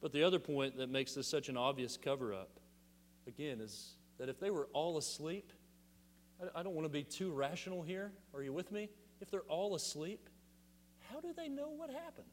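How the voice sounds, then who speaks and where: A male pastor preaches to his congregation in a fairly high voice, animated and emphatic, stopping often to put rhetorical questions to the room. His words ring out with a long reverb through a large sanctuary. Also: moderate pace, a little hiss or hum. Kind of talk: sermon.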